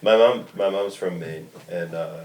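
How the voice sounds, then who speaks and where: A man's voice: low voice, measured pace, echoey room, a little hiss or hum. A man in casual podcast chat, joking around, laughing often and mimicking voices. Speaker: podcast guest.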